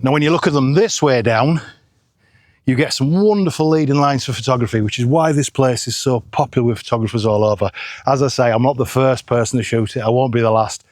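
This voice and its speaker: A man's voice: medium pitch, brisk, darkish tone, dry recording, studio quality. A middle-aged man, chatting casually and joking at his own expense while vlogging outdoors on a hillside. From England. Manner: chatty, self-deprecating, jokey. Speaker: photography vlogger.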